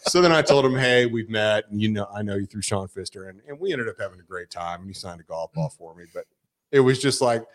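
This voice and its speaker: Lower-voiced man, casual storytelling, animated, swears, acts out quotes. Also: quick pace. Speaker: guest storyteller.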